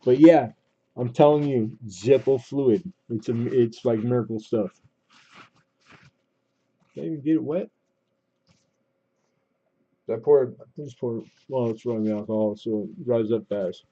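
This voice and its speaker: A Southern California man hosts a coin auction livestream, rambling casually with lots of fillers and restarts as he calls out last bids. His mid-range voice is mellow and breathy-edged, unhurried with long pauses, in dull lo-fi stream audio.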